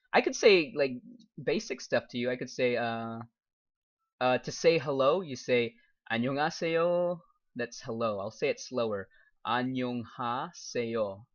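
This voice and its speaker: A man's voice: medium pitch, lively intonation, normal speed. A young man, a game streamer and English teacher, chatting casually and reading viewer comments aloud with frequent laughs. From United States. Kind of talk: casual live-stream chat while gaming. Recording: dull lo-fi stream audio.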